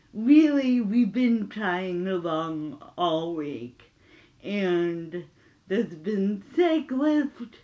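A woman recording a personal video diary in her flat, out of breath, speaking haltingly with pauses and sighs. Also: on the low side. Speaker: vlogger.

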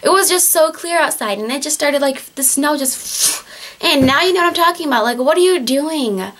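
A woman's voice: high voice, fairly quick, fairly bright tone. A teenage girl from Michigan with a Michigan accent, chatting at home in a casual vlog, exasperated and full of fillers and restarts. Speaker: vlogger on a group channel. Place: at home, in winter.

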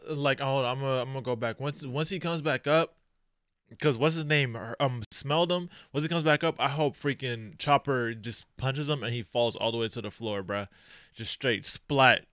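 Man reacting to an anime, smooth voice. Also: medium pitch, no echo, studio quality. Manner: heartfelt, slang-heavy, swings from quiet reflection to loud exclamations. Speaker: reaction channel host.

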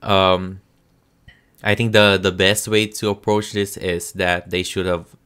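A man with a Filipino accent talks in a low, fairly flat voice that still has a bright edge. He speaks slowly and hesitantly, filling gaps with ums and restarting his sentences. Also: clean tone. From Philippines. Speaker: show reviewer. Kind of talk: casual spoken review.

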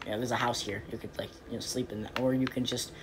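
A woman commentating casually on her game, rambling and playfully exasperated, breaking into quick pleading outbursts. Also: rumbling low, steady tone, noisy background. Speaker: game player.

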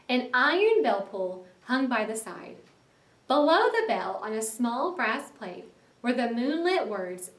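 A woman teacher reading a story aloud for a class in an expressive way, stopping to explain words. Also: fairly high pitch, roomy sound, recorded from a distance. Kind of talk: read-aloud lesson narration.

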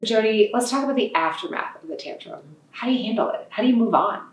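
A woman's voice: on the high side, expressive, fast talker. Woman asking questions from a distance. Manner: brief, prompting questions. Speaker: interviewer. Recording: roomy echo, mic at a distance.

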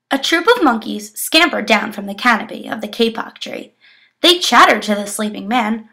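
A young woman reading a children's picture book aloud with expressive storytelling. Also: on the high side, normal speed. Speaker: education student.

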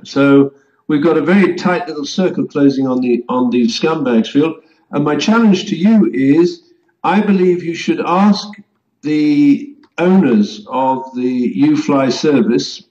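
A man's voice: a little high, darkish tone. A man co-hosting a talk show in a somewhat raised voice, spinning long insinuating questions. His voice comes through a dull, lo-fi call-in line. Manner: long-winded, insinuating, poses loaded questions. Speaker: co-host. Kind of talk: casual radio talk.

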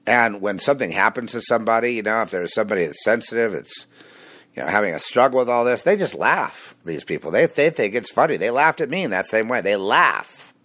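A man with a deep, low voice delivering a rambling, combative monologue. He shifts between heated bursts and hushed, confiding asides, and he mocks his critics as he talks. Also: lively intonation, brisk. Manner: rambling and combative, mocking laughs. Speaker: host. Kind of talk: spoken monologue on religion and conspiracy.

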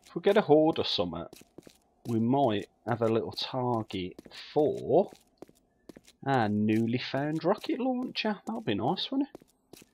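A man's voice: mid-range voice, big pitch swings, a little slow, a little mellow. A man giving casual, muttering commentary while he plays a survival game, swearing freely. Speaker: let's play gamer.

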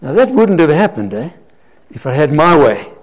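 A man's voice: fairly high pitch, big pitch swings, moderate pace. An older man preaching a sermon, telling anecdotes and acting out both sides of conversations. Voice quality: gravelly and husky.

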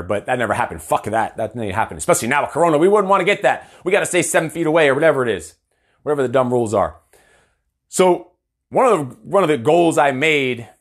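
A man in his thirties, a performance coach, ranting through a profane, animated livestream monologue. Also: on the high side. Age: 30s. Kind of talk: Facebook Live monologue.

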